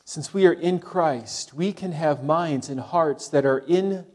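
A middle-aged man preaches a sermon, talking to his listeners like a friendly pastor. His voice sits a little high for a man, and he sinks to quiet, low tones to stress a point. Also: measured pace. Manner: conversational preaching, dropping to soft low tones for emphasis.

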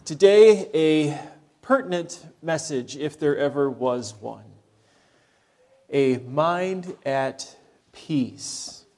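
A middle-aged man preaches a sermon, talking to his listeners like a friendly pastor. His voice sits a little high for a man, and he sinks to quiet, low tones to stress a point. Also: very slow. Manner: conversational preaching, dropping to soft low tones for emphasis.

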